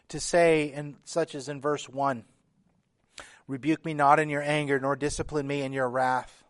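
A man preaching a sermon as pastor, earnest and emphatic, reading scripture aloud with feeling. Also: on the high side. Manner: earnest preaching, building emphasis with repeated phrases.

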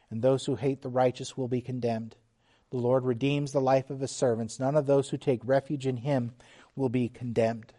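Mellow-voiced preacher, slow and emphatic. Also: male voice, medium pitch. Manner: slow, emphatic preaching with sudden drops to quiet. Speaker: pastor. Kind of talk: sermon.

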